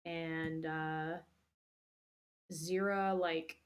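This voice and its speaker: A woman's voice: sits low, little pitch movement, extremely slow. A young woman hosting, recapping a movie casually in a rambling, profane way full of fillers. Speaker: host.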